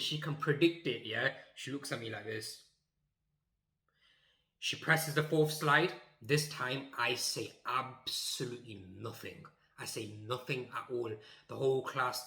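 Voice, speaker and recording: A young man tells a funny school story in an animated, emphatic way, acting out each moment. His voice is bright and forward. The sound bounces around an echoey room. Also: medium pitch. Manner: animated, acts out scenes, emphatic. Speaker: YouTuber. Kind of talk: comic storytelling.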